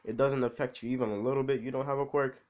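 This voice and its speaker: A man's voice: mid-range voice, fairly even intonation, quick pace, highs cut off, voice pushed up, natural voice. A man voicing a skeptical, humoring mother in his own casual voice. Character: doubting, sarcastic mother.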